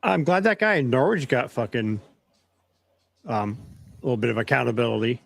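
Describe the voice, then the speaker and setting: A man's voice: mid-range voice, very animated, moderate pace, vocal fry, no room sound. A man co-hosting a podcast, chatting casually with dry, short interjections and asides. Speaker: podcast co-host. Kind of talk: casual chat.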